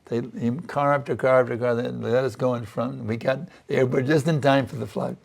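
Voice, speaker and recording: A man's voice: mid-range voice, steady tone, brisk, vocal fry. A man giving a spiritual sermon, telling a story and acting out earnest, pleading prayers. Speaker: spiritual teacher.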